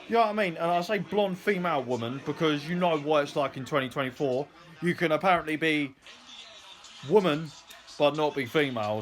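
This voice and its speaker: A man's voice: high voice, fairly bright tone. Ranting, profane man. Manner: angry, profane, mocking. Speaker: vlogger. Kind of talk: ranting commentary to camera.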